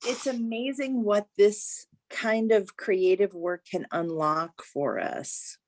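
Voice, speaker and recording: A woman leading a creative writing workshop over a video call, earnest and gently encouraging, with many "you know" fillers. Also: medium pitch, slow, no echo.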